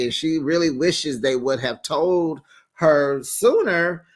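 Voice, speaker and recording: A man's voice: fairly high pitch, takes it slowly. A man hosting a casual reality TV recap, sassy and chatty, with lots of fillers and asides. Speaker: recap host.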